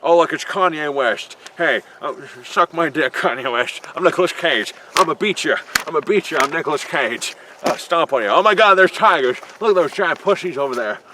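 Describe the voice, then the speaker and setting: A frantic, manic man shrieks in terror at the tigers around him, his voice jumping high and loud, as a man puts him on. The tone is bright and forceful. Faint traffic murmurs behind him outdoors. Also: expressive, brisk, hardly any pauses. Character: panicky, manic man trapped in a cage with tigers. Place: outdoors in a built-up area.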